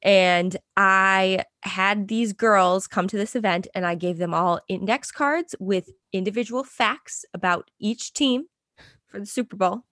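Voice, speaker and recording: A woman's voice: medium pitch, unhurried, no room sound. Chatty young woman, dry close mic. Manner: chatty, laughs often, animated storytelling. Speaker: podcast co-host. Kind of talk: casual sports chat.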